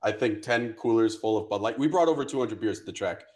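A man's voice: fairly low pitch, fast talker, a little mellow. Profane young man telling a story. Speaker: podcast co-host. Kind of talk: casual chat.

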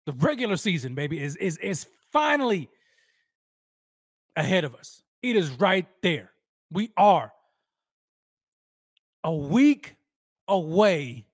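A young man hosts a live sports talk stream in a slightly high voice. He is excitable and slangy and keeps repeating his phrases. The recording is dry and close, with no room sound. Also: moderate pace, no room sound. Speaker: sports podcast host.

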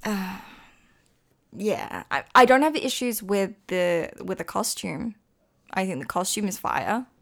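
A young Australian woman co-hosting a casual commentary chat, slangy and quick to laugh. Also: mid-range voice, lively intonation, creaky. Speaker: co-host.

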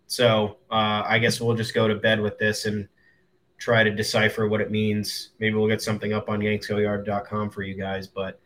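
A man's voice: fairly low pitch, completely flat delivery, normal speed, fairly bright tone. A man co-hosting a casual sports podcast who sounds easygoing and mock-annoyed. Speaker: podcast co-host.

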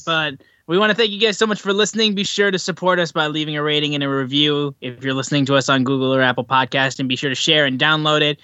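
A man hosting a casual podcast, relaxed, running through the sign-off and plugs. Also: on the high side, fast, hardly any pauses, clean tone, no room sound, dull audio. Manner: relaxed, reads plugs, swears when he stumbles. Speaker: podcast host.

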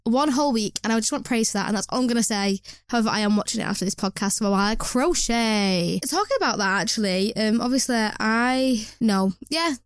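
Young woman hosting a solo chat podcast, quick and rambling, slightly high voice, dry close mic. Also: lively intonation, clear, resonant tone, no echo. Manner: chatty, rambling, self-mocking, frequent restarts. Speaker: podcast host. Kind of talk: casual chat.

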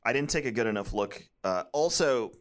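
A man's voice: medium pitch, animated, a little fast, slight background noise. A man hosting a podcast, teasing his co-host in casual chat. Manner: teasing, playful.

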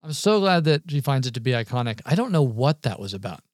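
A man's voice: mid-range voice, fast, no room sound. A man telling stories in a dry room. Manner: animated storyteller, acts out quoted voices. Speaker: podcast host, musician. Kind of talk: casual chat.

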